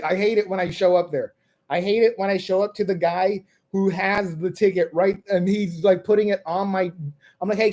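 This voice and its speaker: Male comedian-host, mellow tone, rambling self-mocking storyteller who repeats lines for laughs. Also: high voice.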